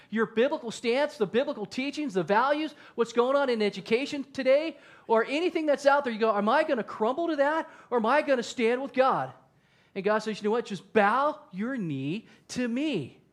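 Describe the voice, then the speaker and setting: A male pastor preaching a sermon, telling the story with animation and acting out the quotes. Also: high-pitched.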